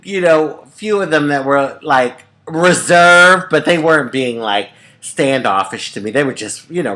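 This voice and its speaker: A middle-aged woman from the United States telling a personal story to camera in a chatty, expressive way, often calling the listener honey. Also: extremely low pitch. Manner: chatty and expressive, calls viewers honey, swoops up for emphasis. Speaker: vlogger.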